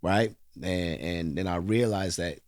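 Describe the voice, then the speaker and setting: A man from London, a guest in an interview, telling a heartfelt story and rising to animated bursts when he stresses a point. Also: sits low, unhurried, dry recording, studio quality. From London, England.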